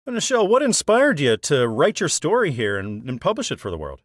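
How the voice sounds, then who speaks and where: Encouraging male interviewer, lively pitch. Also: brisk, no room sound, studio quality. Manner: encouraging, asks friendly questions, laughs along. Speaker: podcast host. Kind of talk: interview hosting.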